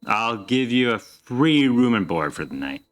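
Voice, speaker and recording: A man's voice: medium pitch, very animated, measured pace, a bit bright, soft background music. A man voicing an evasive middle-aged innkeeper who dodges questions in a folksy drawl. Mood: wheedling.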